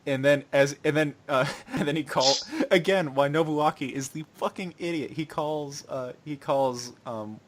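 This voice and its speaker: A man's voice: fairly high pitch, normal speed, few pauses. A young man co-hosting a casual podcast, recapping an anime and acting out its characters' lines in shifting voices. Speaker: podcast co-host.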